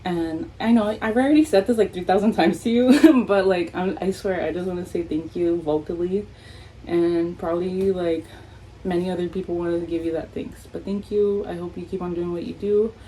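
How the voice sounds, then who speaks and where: Young Texan woman, casual unboxing vlogger, excitable and foul-mouthed, faint background noise. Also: on the low side, moderate pace, rough recording. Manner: hyper, excitable, swears a lot, squeals. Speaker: vlogger unboxing masks and merch.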